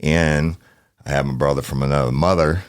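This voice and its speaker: A man's voice: extremely low pitch, steady tone, a little fast, dry recording. A man hosting a true crime podcast in a studio, talking in a blunt, folksy way and swearing casually. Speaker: podcast host.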